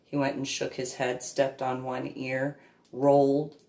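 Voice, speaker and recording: Slow, low-voiced woman in an echoey room. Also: monotone, warm tone. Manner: meandering, laughs often, baby-talk when quoting herself to her dog. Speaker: reverend and author telling family stories. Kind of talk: casual personal storytelling.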